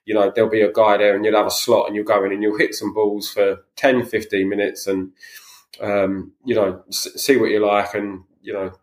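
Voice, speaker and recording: A man's voice: fairly low pitch, level tone, normal speed, echoey room. A man chatting casually as a podcast co-host, telling stories with many fillers and restarts. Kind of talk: casual chat.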